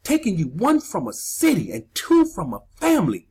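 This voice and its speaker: A woman's voice: mid-range voice, huge pitch swings, moderate pace, darkish tone, slightly rough. A woman preaching a sermon, emphatic, repeating key phrases and asking her listeners questions.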